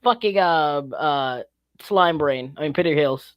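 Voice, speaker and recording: A man's voice: on the high side, a little slow, smooth, lo-fi sound. A man co-hosting a casual podcast chat, joking around and trying silly voices. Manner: joking, puts on silly accents. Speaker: podcast co-host.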